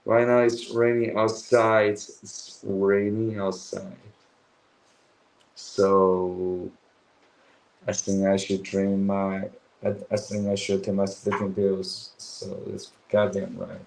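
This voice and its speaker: A man's voice: low-pitched, monotone, slow pace, gravelly, a little mellow, low-quality recording. A young man, chatting casually and slangily on a late-night livestream, sleepy and swearing now and then. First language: Chinese. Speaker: livestream host.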